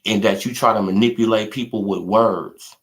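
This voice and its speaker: A young man ranting in a casual live stream, trash-talking with lots of repetition and bursts of loud laughter. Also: lowish voice, fairly even intonation, normal speed. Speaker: boxing commentary streamer.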